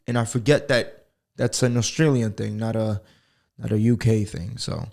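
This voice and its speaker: A man's voice: medium pitch, steady tone, measured pace, creaky, a little mellow. An American man hosting a solo podcast from home, talking alone into a microphone in a rambling, profane, joking way. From United States. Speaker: podcast host. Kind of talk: casual solo podcast monologue.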